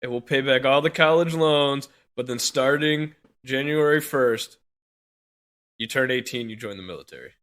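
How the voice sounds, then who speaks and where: A man's voice: mid-range voice, normal speed, fairly bright tone. A man in his thirties co-hosting a podcast, ranting angrily with constant swearing and bursts of laughter. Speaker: podcast co-host. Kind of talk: profane rant on a podcast.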